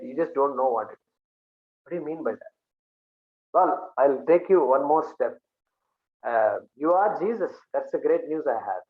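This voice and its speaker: A man teaching an informal class, talking conversationally and acting out little dialogues with jokes. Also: a little high. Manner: conversational, jokey, acts out dialogues. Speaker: Vedanta teacher. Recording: tinny phone-like audio.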